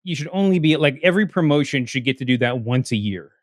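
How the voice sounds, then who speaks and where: A man's voice: medium pitch, animated, quick pace, no room sound, clean studio sound. A man co-hosting a podcast in casual chat, rambling and cutting himself off with lots of fillers. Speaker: podcast co-host.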